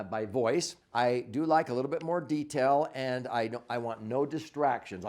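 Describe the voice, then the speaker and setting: A man's voice: medium pitch, a little mellow. A man coaching couples on communication in an instructional monologue, explaining step by step with everyday examples and leaning on key words for emphasis. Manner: stresses words for emphasis, frequent "uh" and "okay?".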